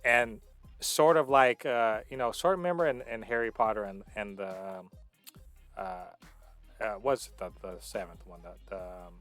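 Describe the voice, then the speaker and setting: A man's voice: lowish voice, normal speed, a bit bright, faint music behind. A man co-hosting a casual movie review podcast, explaining emphatically with frequent restarts. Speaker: podcast co-host.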